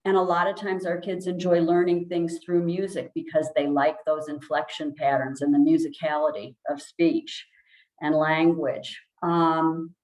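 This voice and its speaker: A woman speech language pathologist giving a calm, explanatory presentation, with many ums and restarts. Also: deep voice, measured pace, reverberant, low-quality recording. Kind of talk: informal presentation.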